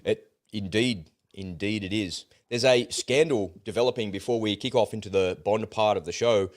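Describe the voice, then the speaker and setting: A man's voice: on the low side, normal speed. A man co-hosting a casual political chat, blunt and exasperated, swearing as he rants. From Australia. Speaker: co-host.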